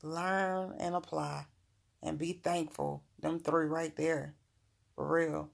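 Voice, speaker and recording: A woman's voice: low-pitched, flat delivery, takes it slowly, gravelly. A middle-aged woman giving frank, motherly spiritual advice in a casual livestream talk, laughing often.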